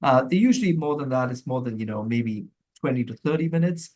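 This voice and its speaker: A middle-aged man from India, a mental health professional answering interview questions in a thoughtful, measured way with frequent restarts. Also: mid-range voice, animated, a little mellow.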